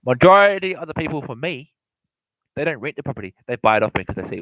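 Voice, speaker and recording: In a low-quality recording with no echo, a man with a medium-pitched, fairly bright voice races expressively through property investment advice. His rambling, informal lecture is repetitive, full of self-corrections, and aimed straight at the listener.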